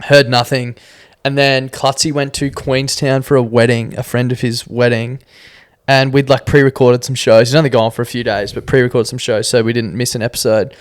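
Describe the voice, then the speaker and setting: A young Australian man, a podcast guest, telling a story in a casual, animated way and acting out what people said. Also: medium pitch, brisk, hardly any pauses, smooth, dry recording, clean studio sound. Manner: animated, laughs often, acts out quotes.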